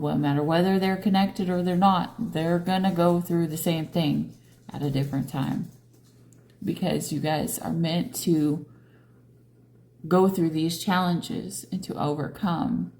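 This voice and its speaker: A tired woman tarot reader speaks slowly and unhurriedly, in a low, mellow voice. She talks casually to her viewers, often checking in with them with little questions. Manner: slow, conversational, coaxing questions to viewers. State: tired, yawning. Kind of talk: casual spiritual tarot reading.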